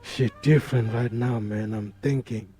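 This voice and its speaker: A man's voice: mid-range voice, fairly even intonation, measured pace, warm tone, faint music behind. A man hosting a podcast, talking casually in a rambling, profane way full of street slang. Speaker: podcast host. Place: podcast studio.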